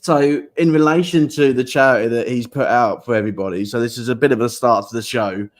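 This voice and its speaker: A man's voice: medium pitch, fast talker. A man from the UK hosting a casual livestream chat over a video call, rambling with many fillers and stock phrases. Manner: chatty, rambling, with fillers and repeated "I tell you what". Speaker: livestream host.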